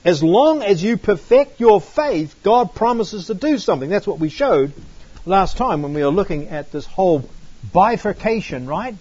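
A man's voice: sits high, animated, moderate pace, darkish tone, slightly rough. A man giving a Bible teaching, reading verses aloud and asking emphatic rhetorical questions. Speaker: preacher. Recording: dull dry lo-fi recording.

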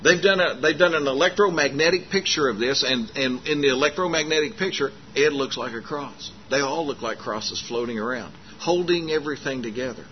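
A man's voice: medium pitch, fairly quick, hardly any pauses. Man, folksy storytelling preacher, muffled lo-fi sermon tape with faint hiss. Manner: folksy, animated retelling with acted dialogue and frequent fillers.

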